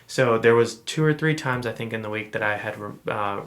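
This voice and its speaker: A man co-hosting a podcast, telling a personal story in a relaxed, rambling way with many fillers and restarts. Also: on the low side, normal speed. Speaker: podcast co-host. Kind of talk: casual storytelling chat.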